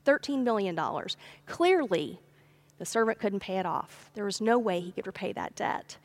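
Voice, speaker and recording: A woman's voice: mid-range voice, sing-song, moderate pace. A woman pastor giving a sermon, telling a parable in a conversational, folksy way. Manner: storytelling, acts out the characters' pleas with a raised voice. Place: church sanctuary.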